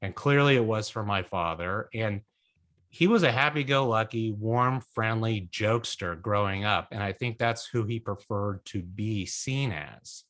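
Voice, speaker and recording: A man's voice: fairly low pitch, a little slow, fairly bright tone. Earnest, reflective middle-aged man. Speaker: guest speaker, son of a survivor. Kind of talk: online talk Q&A.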